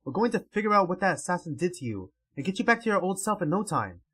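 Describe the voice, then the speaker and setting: A man's voice: sits high, big pitch swings, quick pace, a bit bright, husky, voice pushed up, heavily acted. Casual: dude voicing a clumsy blunt young fighter guy, stumbles over his apologies. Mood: determined. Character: brash young male warrior, blunt and clumsy.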